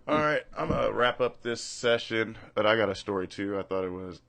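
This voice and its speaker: A man's voice: fairly low pitch, animated, a little fast, creaky, a bit bright. A man hosting a casual talk show, telling stories loosely and laughing at himself. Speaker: podcast host. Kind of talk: casual chat.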